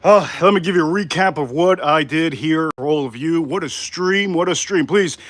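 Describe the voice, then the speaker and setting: A man's voice: fairly high pitch, normal speed, a bit bright, no room sound. A man hosting a casual live cooking stream from his home kitchen, out of breath from crouching while he talks to his viewers. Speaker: livestream cooking host.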